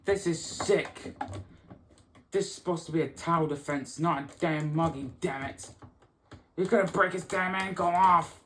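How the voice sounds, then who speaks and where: Low-voiced, outraged woman commentator. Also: normal speed, a bit bright. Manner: emotional, swearing, outraged outbursts. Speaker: play-by-play commentator. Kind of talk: fan commentary of a wrestling video game. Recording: echoey room, clear background noise.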